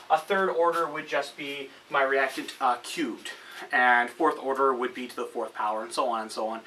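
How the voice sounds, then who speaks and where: In a classroom, a male chemistry teacher gives a chatty lesson at the whiteboard in a high-sitting, bright, forceful voice, often correcting himself and checking in with "okay?". A camera set up across the room captures him from a distance, leaving a faint room hiss.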